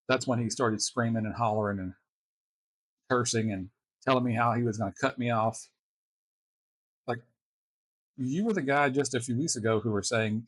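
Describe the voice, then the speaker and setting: A man hosting a reaction video, telling personal stories in a halting, casual way with wry chuckles. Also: mid-range voice, fairly even intonation, dry recording. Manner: halting, restarts often, chuckles wryly.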